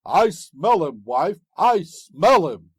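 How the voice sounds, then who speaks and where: A huge man-eating ogre from a storybook, bellowing his demands in a raised, booming voice, as a male narrator puts him on. The tone is husky and the sound is dry and close. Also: sing-song, takes it slowly, dry recording, full character voice. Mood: menacing. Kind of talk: storybook reading.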